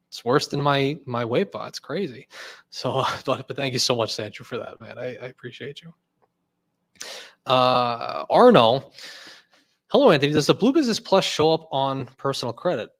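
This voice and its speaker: Guy chatting on his livestream, mid voice, jokey rants, second guesses everything. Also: medium pitch. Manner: rambling, second-guesses himself, laughs often; jokey ranting. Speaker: host. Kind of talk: casual livestream chat.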